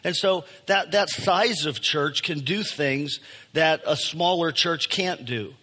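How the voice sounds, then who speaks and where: A middle-aged male pastor delivers a sermon in a loose, conversational way, pausing on fillers and restarting phrases as he thinks aloud. His voice sits a little higher than most men's, and the sound carries a long reverb off the church walls. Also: sharp tone. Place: church sanctuary.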